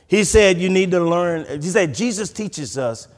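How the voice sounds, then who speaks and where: A man preaching a sermon as pastor, animated, often restarting his sentences. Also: high-pitched, measured pace. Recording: long reverb from a large hall.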